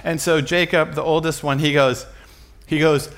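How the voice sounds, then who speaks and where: A man's voice: on the high side, fairly even intonation, moderate pace, background noise. A middle-aged man preaching, telling a family story with self-mocking humor and often breaking into laughter.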